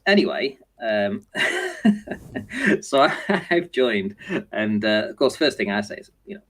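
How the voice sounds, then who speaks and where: A man spinning a story on a casual podcast, his voice rising and falling all over the place as he goes. He laughs often and slips into other people's voices to act the story out. His pitch sits in a middling range. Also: wildly swooping pitch, takes it slowly, a bit bright, husky. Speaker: show host.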